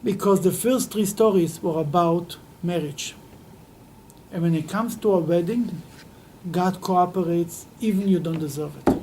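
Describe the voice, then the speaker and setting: A man, a rabbi teaching a weekly Torah class, telling an animated story that is sprinkled with Yiddish and Hebrew words. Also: high voice, a little slow, slight background noise, poor audio.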